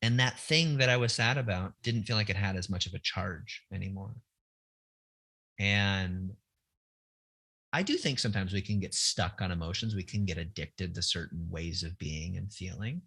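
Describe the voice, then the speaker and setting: Candid, husky-voiced man reflecting. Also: low voice, moderate pace, bright, forceful tone. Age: middle-aged. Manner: candid, searching, frequent restarts. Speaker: guest author. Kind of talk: reflective podcast conversation.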